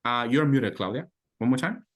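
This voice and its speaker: A man's voice: medium pitch, animated, moderate pace. A man teaching call center English on a video call, repeating phrases and encouraging the learners. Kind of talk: online class coaching.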